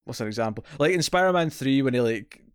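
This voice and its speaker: A man's voice: mid-range voice, lively intonation, fast, clean tone, no echo, clean studio sound. A Scottish man co-hosting a casual TV review podcast, blunt and opinionated in his complaints. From Scotland. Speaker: podcast co-host.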